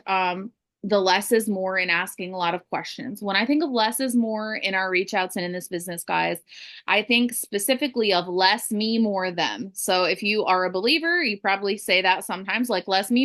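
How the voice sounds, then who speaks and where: A woman leading a book club discussion in casual chat, animated and acting out quoted voices. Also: mid-range voice. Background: children crying in background.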